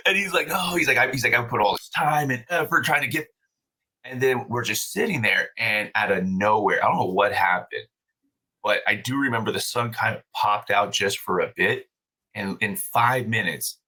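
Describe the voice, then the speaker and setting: Male podcast guest, low bright voice, casual storyteller, profane and animated. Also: normal speed, poor audio. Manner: animated, swears freely, many fillers and restarts. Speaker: podcast guest, brewery owner.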